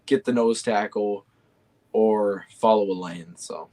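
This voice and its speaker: Easygoing young man, low voice. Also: takes it slowly, mellow. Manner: easygoing, hesitant with fillers and restarts. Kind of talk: casual chat.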